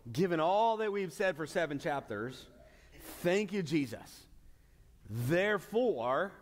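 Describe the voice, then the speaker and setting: Male pastor, mid-pitch, earnest and emphatic with frequent restarts, preaching in a long-reverb hall. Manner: earnest, repetitive restarts, drawn-out emphatic words. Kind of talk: sermon. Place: church sanctuary.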